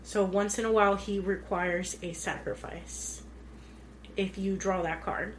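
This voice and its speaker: A woman co-hosting a podcast, chatting casually as she retells a movie's plot. She talks loosely, with plenty of "like"s and quick asides. Her voice sits at an ordinary pitch, with a faint noise underneath. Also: fairly even intonation. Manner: chatty, retells scenes with many "like"s. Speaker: podcast co-host. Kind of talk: casual chat.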